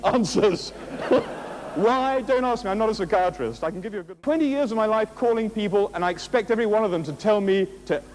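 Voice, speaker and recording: Lively high-pitched man giving a motivational talk. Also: a little hiss or hum, low-quality recording. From England. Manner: animated, jokey, rhetorical questions, laughs at his own stories. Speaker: motivational speaker. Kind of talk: motivational speech to an audience.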